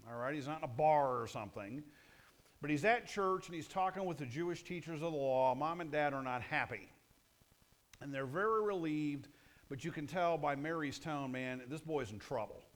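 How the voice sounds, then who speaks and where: A man's voice: a little high, moderate pace. A male pastor preaching a sermon in a conversational, punchy way, often asking the audience questions.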